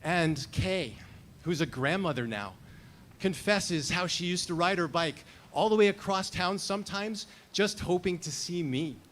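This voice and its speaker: A man's voice: high voice, lively intonation, unhurried, fairly bright tone, slight background noise. A man in his fifties performing a personal story at a storytelling slam, wry and reflective. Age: 50s.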